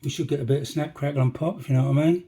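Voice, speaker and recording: A man with a fairly high, warm, breathy voice races along with fairly even intonation as he builds a model railway item. The workshop demo is casual, and he keeps up jokey asides and talks to himself throughout.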